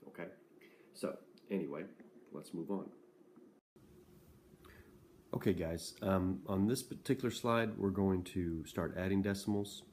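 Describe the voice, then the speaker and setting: A man's voice: sits low, darkish tone, a little hiss or hum. A male math teacher talking students through a lesson in a casual, conversational way, often checking in with "okay?".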